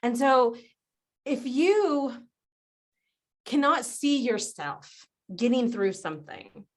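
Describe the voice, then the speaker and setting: A woman guest on a podcast interview, explaining ideas in an animated way, often laughing and acting out other people's voices. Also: fairly high pitch, slow. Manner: animated, acts out quoted voices. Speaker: guest business strategist.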